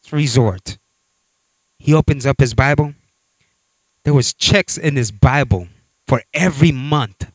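A man's voice: medium pitch, dry recording, rough recording. A man pastor preaching a sermon, telling a story with repeated phrases and building to exhortation.

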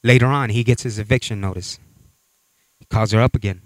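A man's voice: on the low side, fairly even intonation, fairly quick, long pauses, no room sound, poor audio. A man pastor preaching a sermon, telling a story with repeated phrases and building to exhortation.

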